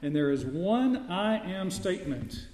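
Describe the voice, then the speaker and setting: Male pastor, sermon, mellow higher voice, teaching tone, roomy reverberant hall. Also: big pitch swings, a little slow. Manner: teaching, asks the listeners questions. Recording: echoey hall, voice from far off.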